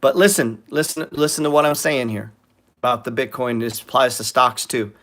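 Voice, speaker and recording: A man's voice: mid-range voice, moderate pace, a bit bright. A man hosting a trading show, talking bluntly with frequent swearing and acting out what other people say. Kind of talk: profane ranting talk on trading.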